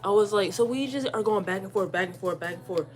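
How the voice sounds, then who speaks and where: A young woman talks straight to her audience in a loose storytime, full of slang and quick repeats. She jumps between her own voice and acted-out lines, in a middle-pitched, everyday tone. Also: faint music behind. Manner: animated, slangy, repeats words, acts out quotes. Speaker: storyteller vlogger. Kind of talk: casual storytime.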